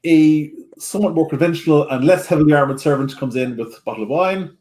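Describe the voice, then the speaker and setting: Male game master, a bit high, hesitant narrator. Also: fast talker, mellow. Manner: hesitant, filler-heavy narration.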